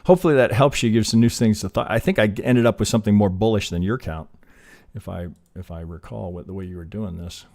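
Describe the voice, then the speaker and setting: A man with a lowish, slightly mellow voice and some vocal fry talks fast while hosting a live trading stream. He loosely walks through chart counts as casual teaching, swearing now and then and getting fired up.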